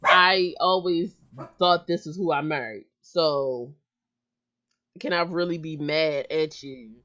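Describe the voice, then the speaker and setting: A woman with a bright, forceful voice on a somewhat low register chats about a TV episode as a podcast co-host. She talks in a relaxed, laid-back way. The sound is dull and lo-fi. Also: slow pace. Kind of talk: casual chat about a TV episode. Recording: dull lo-fi audio.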